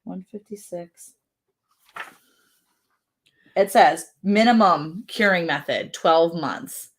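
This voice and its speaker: A woman's voice: on the low side, slow. Chatty woman hosting a ranch livestream. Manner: chatty, reads viewer comments aloud, laughs often. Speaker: livestream host. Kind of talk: casual livestream chat. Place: ranch home.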